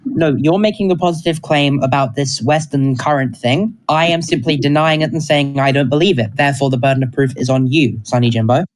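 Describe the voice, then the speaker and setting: A man's voice: mid-range voice, a little fast, a little hiss or hum, poor audio. A man in a heated online debate, defiant and dismissive toward the others. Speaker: debate participant on voice chat.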